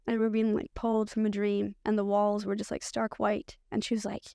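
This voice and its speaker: A woman's voice: medium pitch, monotone, fairly quick, gravelly, mellow, smooth, no echo, studio quality. A woman, a podcast guest, telling her own story candidly and loosely, with a lot of "like" fillers. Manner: candid, rambling, frequent "like" fillers. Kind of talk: personal storytelling.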